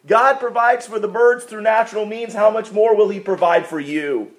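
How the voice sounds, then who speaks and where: A male pastor preaching a sermon, asking rhetorical questions and swinging between loud, stressed lines and quiet asides. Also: sits high, moderate pace, hardly any pauses.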